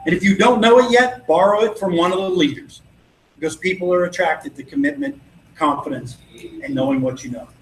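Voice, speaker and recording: A man's voice: sits high, expressive, a little fast. A man giving a motivational sales training talk, telling stories and acting out both sides of the conversations with confidence. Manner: acts out dialogue in anecdotes, confident and persuasive. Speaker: network marketing trainer. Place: event venue. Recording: echoey room with faint noise.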